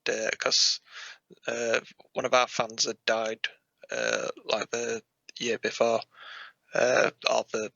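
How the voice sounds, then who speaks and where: Gravelly, slow-talking man. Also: medium pitch, level tone, pushed and bright, no room sound, highs cut off. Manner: halting, many fillers and restarts, laughs often. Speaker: musician guest. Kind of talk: casual podcast chat.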